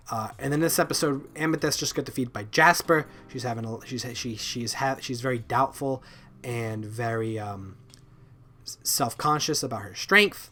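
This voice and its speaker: A man giving a casual, rambling review of cartoon episodes, halting and repeating words, with lots of ums and likes. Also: medium pitch, pushed and bright. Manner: loose and informal, swears offhand. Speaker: video reviewer.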